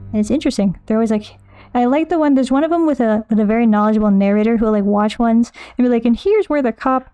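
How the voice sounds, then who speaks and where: A woman streamer chatting casually while she plays a game, rambling, thinking out loud and answering her chat. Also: on the high side, fairly even intonation, fast, smooth, no echo.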